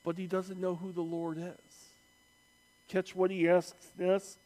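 A man preaching a sermon, slow and emphatic, with dramatic pauses and acted-out quotes. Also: high voice, monotone, dark tone.

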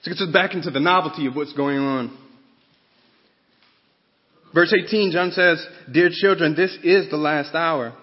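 Male pastor, fervent sermon delivery, voice a touch high, muffled echoing church recording. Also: normal speed, long pauses. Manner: rising to fervent emphasis. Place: church sanctuary. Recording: dull sound with long reverb.

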